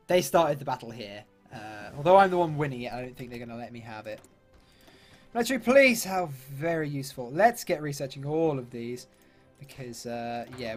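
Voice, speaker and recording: A man giving chatty, upbeat let's-play commentary with British slang and mild swearing. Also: medium pitch. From London, England. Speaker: gaming YouTuber.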